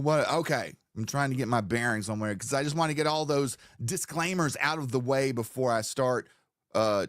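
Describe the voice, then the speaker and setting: A man's voice: mid-range voice, no room sound, studio quality. A man hosting a live stream, talking in a casual, profane, rambling way as he sets up a commentary segment. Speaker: streamer host.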